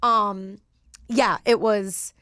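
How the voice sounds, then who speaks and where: A woman's voice: medium pitch, fairly even intonation, very slow, sharp tone, smooth, no echo, clean studio sound. A woman guest, a stand-up comedian, chatting casually and telling a personal story with lots of fillers and laughs.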